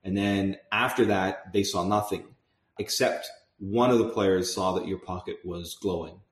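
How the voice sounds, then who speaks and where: A man's voice: deep voice, fairly even intonation, measured pace, reverberant. A man recapping a tabletop game session as game master, chatty, often laughing and restarting his sentences.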